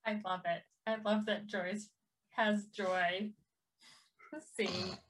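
A woman playing a tabletop game, speaking softly with a breathy, giggly manner. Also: mid-range voice, flat delivery, takes it slowly. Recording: distant from the mic.

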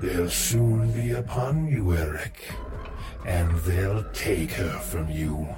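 A man voicing a sinister male presence in a storybook narration, slow and menacing. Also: low voice, music in the background, pitched below the performer's own voice. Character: sinister low-voiced male presence urging release.

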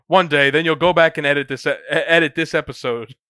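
A man's voice: on the high side, steady tone, normal speed, pushed and bright, dry recording, clean studio sound. A man playing in a tabletop game podcast, teasing the others and acting offended. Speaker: player. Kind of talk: casual podcast banter.

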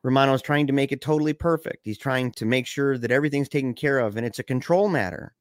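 A man chatting casually on a podcast, animated and quick to rise in pitch, dropping low and quiet for serious stories, with frequent stammers and restarts. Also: no room sound, clean studio sound. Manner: animated, pitch jumps up when excited, drops low and quiet for somber stories. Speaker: podcast co-host discussing a film. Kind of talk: casual conversational discussion.

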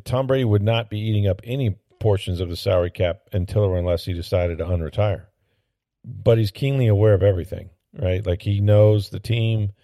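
A man with a low, gravelly voice talks sports in a loose, opinionated way, circling back with plenty of "um"s and "you know"s. His tone is dark and mellow. The recording is close and dry. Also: dry recording. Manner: rambling and opinionated, with frequent fillers and restarts. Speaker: sports podcast host. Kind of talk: casual sports talk commentary.

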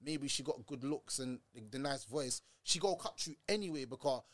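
A man's voice: mid-range voice, a little fast. A young man in casual chat, explaining his view thoughtfully and checking that he is understood. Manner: reflective, explains points and checks in.

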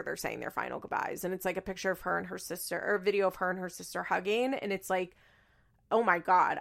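A young woman chatting casually about social media, candid and swearing freely, with animated asides. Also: lowish voice, vocal fry. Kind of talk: casual chat.

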